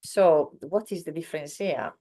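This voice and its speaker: Low-voiced woman teaching language. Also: mellow. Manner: explains slowly with many fillers, acts out example sentences. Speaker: Italian teacher. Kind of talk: online language lesson.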